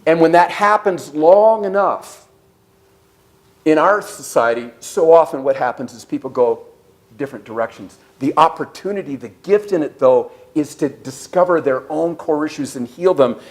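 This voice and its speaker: A man giving an animated sermon-style talk at a church service, telling stories and questioning the audience. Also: on the high side, normal speed. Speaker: speaker.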